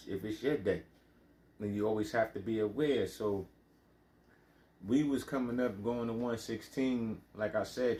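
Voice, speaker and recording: A man's voice: fairly low pitch, a little mellow, reverberant. A man from the Bronx with a New York accent, telling his life story in a loose, rambling way with lots of fillers. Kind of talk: casual monologue.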